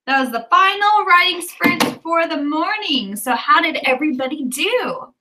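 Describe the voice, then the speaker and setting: A woman's voice: very high voice, expressive, moderate pace, sharp tone, far from the mic, rough recording. A woman hosting a writing livestream, chatting casually and cheering on viewers as she reads out their comments. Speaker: livestream host of writing sprints.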